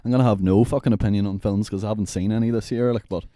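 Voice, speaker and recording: A man's voice: on the low side, steady tone, rapid-fire, mellow. A man who is a podcast guest, chatting casually, teasing the host in a dry way and swearing now and then. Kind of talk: casual chat.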